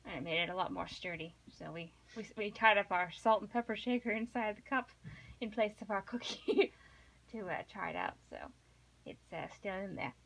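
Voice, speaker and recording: A woman co-hosting a read-along podcast, chatting casually and then reading a novel aloud in a measured, expressive way. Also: mid-range voice, vocal fry.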